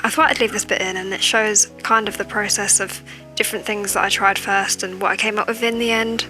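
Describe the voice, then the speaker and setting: A woman with a chatty manner, keeping her voice down as she records a casual voiceover on a cheap, tinny microphone at home late at night. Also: medium pitch. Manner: talking quietly, chatty. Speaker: gaming video creator.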